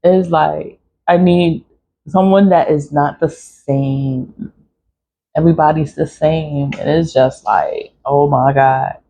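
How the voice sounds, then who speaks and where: Gravelly New woman, blunt and laughing. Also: low-pitched, steady tone, slow, dark tone, slight background noise. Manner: blunt, profane, laughs through her story. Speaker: vlogger. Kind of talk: casual confessional monologue. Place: home in the city early morning. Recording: dull lo-fi recording.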